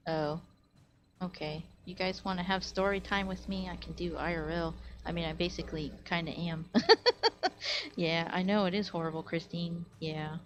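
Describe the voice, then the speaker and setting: A woman streamer with a lowish, steady voice at a normal speed tells stories casually to her live chat. She rambles and leans heavily on fillers, especially "like," and is recorded at home on a webcam or desk mic.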